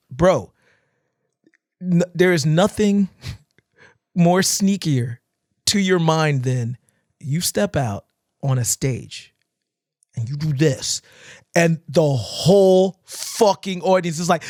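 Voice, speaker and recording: A dance teacher chats casually on a podcast, telling animated stories in which he acts out crowds and their shouts and swears often. His voice is a little high, his delivery slow with frequent pauses, and the clean studio sound has no echo.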